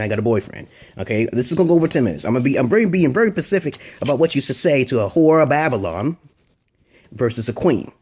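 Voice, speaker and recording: A man's voice: medium pitch, a little mellow, breathy edge. A man vlogging crude dating advice in a rambling, unscripted monologue, bluntly checking in with "okay?".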